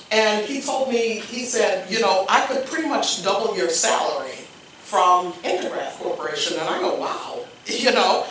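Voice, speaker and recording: Animated woman telling a story in an echoey hall. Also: mid-range voice, a little hiss or hum. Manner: animated storyteller acting out dialogue. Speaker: keynote speaker. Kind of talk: personal story told at a live event. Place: event hall. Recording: echoey hall mic from a distance.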